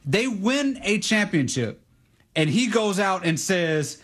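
Male co-host, easygoing and slangy, slightly high voice, chatty sports talk. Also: sing-song, slow, a bit bright. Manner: conversational, uses slang, relatable analogies.

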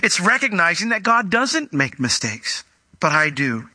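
A man's voice: high-pitched, very animated, a little slow, sharp tone, no room sound. A man preaching a sermon who explains the meaning of words, asks rhetorical questions and acts out the voices of the figures he quotes.

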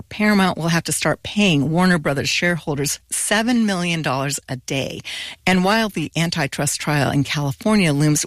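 A woman news correspondent reporting in a clear, measured way from a radio studio. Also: lowish voice, no echo. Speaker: culture correspondent.

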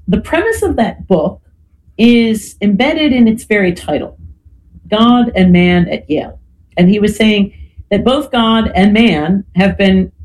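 Mellow-voiced guest, constantly asking "right?". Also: medium pitch, slight background noise, poor audio. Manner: checks in with frequent "right?" and "you know"; thoughtful, lecture-like delivery with restarts. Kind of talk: explanatory podcast talk.

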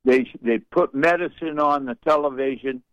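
An older man calling in to a radio show, talking in a folksy, rambling, wry way and clearing his throat from allergies. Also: fairly high pitch, moderate pace, fairly bright tone, dry recording, dull audio. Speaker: radio caller. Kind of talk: call-in radio chat.

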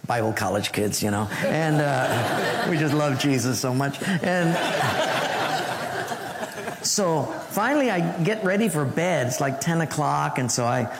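Preacher, man, higher-pitched, animated storyteller who acts out the voices; recorded in a reverberant hall. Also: a little slow, very noisy. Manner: animated storyteller acting out voices, dropping to hushed tones. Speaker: pastor. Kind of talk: sermon with personal story. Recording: long hall reverb, faint ambience.

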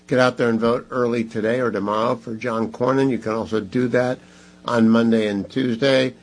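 A man's voice: mid-range voice, fairly even intonation, moderate pace, low-quality recording. A man hosting a talk radio show, speaking emphatically and pressing listeners to give. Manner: emphatic, pleading and scolding listeners.

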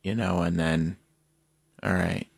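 A young man speaking as a guest on a talk show, hesitant and pausing with fillers while he recalls. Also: deep voice, little pitch movement, creaky, husky, no echo, studio quality. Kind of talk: casual talk show chat.

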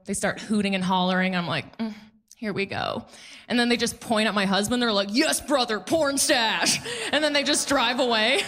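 A woman in her thirties doing a stand-up comedy set on a club stage, animated and jokey, acting out the voices of people in her stories. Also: mid-range voice, brisk.

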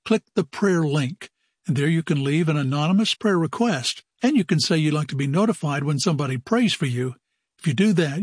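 A male radio host reads scripted announcements in a measured, even manner. His voice is husky and a touch higher than most men's. The recording is dry and close, from a studio mic. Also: no echo. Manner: smooth, measured announcer reading.

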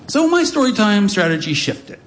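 Wry, animated man telling a story. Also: high voice, normal speed, a faint crowd, slight background noise. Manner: wry, self-deprecating, animated delivery with playful voices. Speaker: storyteller on stage. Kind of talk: live storytelling performance.

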